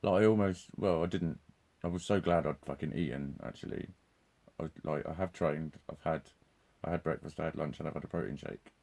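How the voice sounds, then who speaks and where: Male vlogger with a deep, warm voice, loose and profane, breaks into laughs. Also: fairly quick, creaky. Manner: swears constantly, laughs often, restarts sentences. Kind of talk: rambling live monologue.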